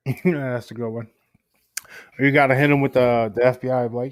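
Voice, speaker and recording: A man's voice: medium pitch, fairly even intonation, normal speed, long pauses, no echo, studio quality. A man co-hosting a casual talk show, telling workplace stories in a laid-back, swearing way and acting out customers. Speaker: podcast co-host. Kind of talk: casual chat. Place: works at a gas station in New York City.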